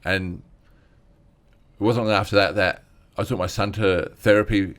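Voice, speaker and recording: A man talks as a guest comedian in an interview, his voice sitting a little low. He tells his stories in a candid, rambling way and acts out other people's lines as he goes. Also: steady tone, moderate pace. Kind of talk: candid storytelling chat.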